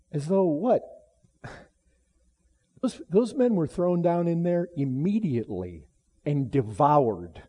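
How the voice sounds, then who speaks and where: High, mellow-voiced emphatic male preacher. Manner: emphatic, rising from low solemn tones to loud exclamations; repeats and restarts phrases. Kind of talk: sermon.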